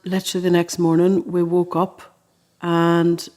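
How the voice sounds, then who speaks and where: An Irish woman, a musician and podcast co-host, chatting casually in a living room and telling a lively story with frequent laughs. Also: fairly low pitch, a little slow. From Ireland. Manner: animated storyteller, laughs often. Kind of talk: casual chat.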